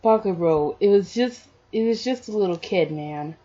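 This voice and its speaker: A woman's voice: medium pitch, lively intonation, normal speed, mellow, close to an everyday voice. A woman voicing an easygoing young hero guy. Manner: easygoing, hesitant, filler-heavy. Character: cheerful young male hero student. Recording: dull lo-fi audio.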